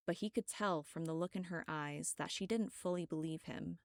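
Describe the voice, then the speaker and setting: A woman reads her own dark story aloud in a steady, dramatic way. Her voice is low and gravelly with vocal fry. The recording is dry and close. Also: normal speed, hardly any pauses, no echo. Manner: steady, dramatic first-person reading. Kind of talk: audiobook narration.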